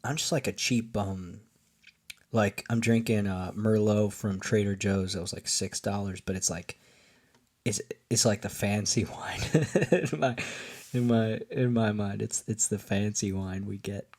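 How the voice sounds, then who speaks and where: Casual male podcast host, slightly low voice, meandering and a bit tipsy. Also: fairly even intonation, a little slow, a little mellow. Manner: meandering, full of fillers and restarts. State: a little tipsy from wine. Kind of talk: rambling solo podcast monologue.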